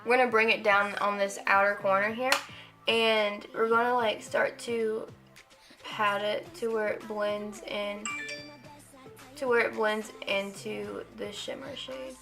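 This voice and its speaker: A woman's voice: medium pitch, steady tone, measured pace, creaky, music in the background. An eighteen-year-old woman talking through a casual makeup tutorial, chatty and rambling with lots of "like" fillers. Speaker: makeup vlogger.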